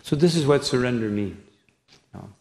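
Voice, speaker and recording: A man's voice: mid-range voice, expressive, brisk, vocal fry, a little mellow. A man, a monk, giving a scripture lecture, talking in a rambling way with frequent "no?" and "you know" tags and reciting Sanskrit verses. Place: temple hall. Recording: echoey hall recording.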